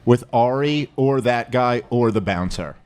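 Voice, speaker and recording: A man's voice: medium pitch, a little slow, a little mellow, slight background noise. A man chiming in with a joke and laughter in a casual podcast chat.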